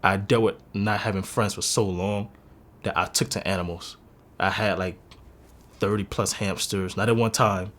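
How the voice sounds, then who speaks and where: A man in his twenties with a very low, deep voice, giving a candid personal testimony. He speaks earnestly and confessionally, and his voice carries a lot of emotion. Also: fairly even intonation, moderate pace, fairly bright tone. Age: 20s. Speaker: interviewee sharing a personal story.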